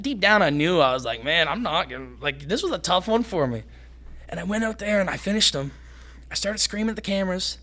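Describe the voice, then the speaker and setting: Bright, high-voiced young man telling stories. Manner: animated, rambling storytelling. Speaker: podcast guest, fighter. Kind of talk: casual podcast chat.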